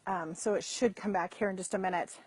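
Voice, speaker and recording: A woman's voice: medium pitch, fairly even intonation, brisk, a little mellow, husky, dry recording. A middle-aged woman hosting a chatty live stream, talking straight to her viewers over a computer mic. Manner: chatty, repeats and restarts, addresses viewers directly. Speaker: host. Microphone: computer mic over weak internet.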